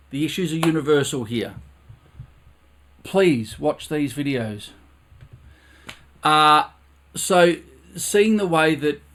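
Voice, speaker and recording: A man teaching a live-streamed brass lesson from his recording studio, earnest, repeating phrases over and over for emphasis. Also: on the high side.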